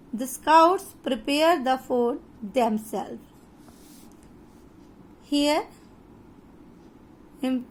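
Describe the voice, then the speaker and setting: A woman with an Indian English accent teaching an online grammar lesson, explaining slowly and deliberately with pauses. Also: high voice.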